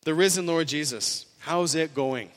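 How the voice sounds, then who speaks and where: A man's voice: a little high, unhurried, in a large hall. A male pastor preaching an earnest sermon, voicing quoted lines with rising emphasis.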